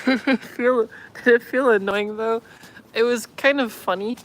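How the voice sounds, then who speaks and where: A woman's voice: on the high side, unhurried. A woman vlogger telling a story in casual chat, laughing often and filling her speech with "like". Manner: laughs often, lots of filler "like".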